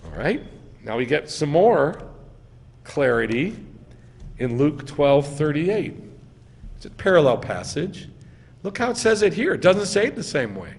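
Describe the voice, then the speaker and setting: A man preaches as a rabbi, speaking slowly with a lively, swinging pitch. He asks the congregation questions, then answers them himself and hits key words hard. His voice rings out with long reverb in a hall. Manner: emphatic, stresses words. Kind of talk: sermon teaching. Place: synagogue sanctuary.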